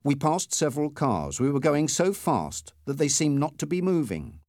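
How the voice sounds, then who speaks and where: A man's voice: moderate pace, no echo, studio quality. A man narrating a story aloud in the first person. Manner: lively storytelling with wide pitch swings. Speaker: audiobook narrator.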